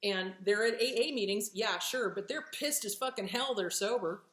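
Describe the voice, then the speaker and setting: A woman's voice: mid-range voice, normal speed, roomy sound. A woman hosting a show on relationships, talking plainly and bluntly with swearing, often acting out quoted reactions. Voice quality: animated, acts out voices in quotes. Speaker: host answering relationship questions. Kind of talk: casual talk, emphatic and profane.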